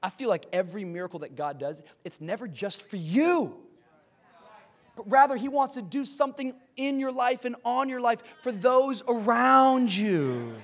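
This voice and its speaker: Pastor, man, 30s, high voice, sermon delivery, hushed asides rising to shouts.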